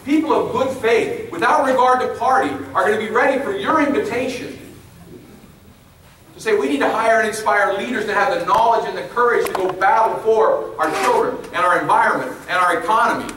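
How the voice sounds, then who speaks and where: A man's voice: sits high, a little fast, a bit bright. A man giving an emphatic public speech to a crowd, repeating his key phrases. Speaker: speaker at a public meeting. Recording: echoey hall from far off, faint noise.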